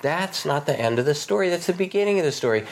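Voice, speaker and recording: Gravelly, gentle meditation teacher man. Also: a little high, animated, fast. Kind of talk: gentle guided reflection.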